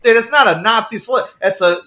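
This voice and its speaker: A man tells a story in casual chat, swearing freely and acting out every quote. His voice sits high and bright. The recording is echoey, as if in a bare room. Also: fast talker. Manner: animated, profane, acts out quotes. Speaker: guest.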